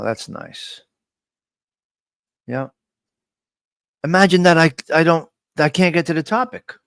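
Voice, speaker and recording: A man with a slightly high voice hosts a casual live stream from his desk microphone, loose and jokey. He keeps calling out his viewers by name, and the sound is dry and close, with no room echo. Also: fairly bright tone, smooth.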